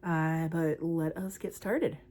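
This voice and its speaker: Her voice low, warm and steady, a young crochet vlogger talks slowly and casually about her project. The chat is rambling and sprinkled with fillers.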